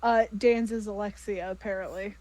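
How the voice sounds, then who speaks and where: A woman's voice: medium pitch, steady tone, normal speed, a little mellow. A woman chatting casually and playfully about a tabletop game show she takes part in. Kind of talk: casual chat.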